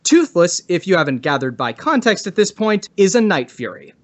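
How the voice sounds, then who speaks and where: A man's voice: sits high, sing-song, normal speed. A man on a comedy podcast reading a prepared argument with enthusiastic emphasis.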